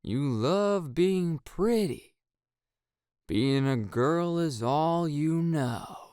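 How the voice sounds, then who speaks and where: A man voicing an excited teenage boy who chants hypnosis lines in a slow monotone. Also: fairly high pitch, smooth, dry recording, studio quality, voice pushed up.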